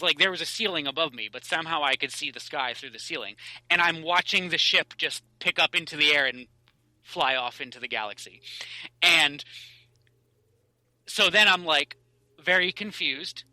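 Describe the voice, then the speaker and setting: A man, a podcast guest, telling a long personal story in casual interview talk, animated and rambling with many fillers and restarts, on a close mic. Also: on the high side, no room sound, rough recording.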